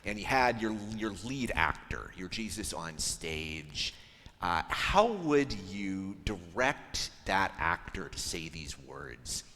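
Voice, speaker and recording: Slow, deep-voiced pastor in a reverberant church. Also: male voice, big pitch swings, bright, forceful tone. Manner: conversational, thoughtful, frequent ums. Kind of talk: sermon.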